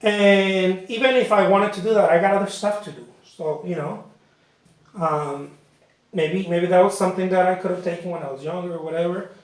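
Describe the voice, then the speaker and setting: A man's voice: high-pitched, steady tone, moderate pace. A man teaching painting in a casual, rambling way, often repeating himself and saying "you know" while he works. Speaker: painting instructor. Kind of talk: casual talk during painting session. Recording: very echoey room.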